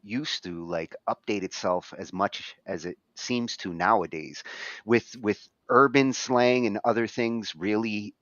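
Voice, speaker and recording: Man, low voice, halting, dull lo-fi recording, podcast co-host. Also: fairly bright tone, dry recording. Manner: halting, full of restarts and fillers. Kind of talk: casual chat.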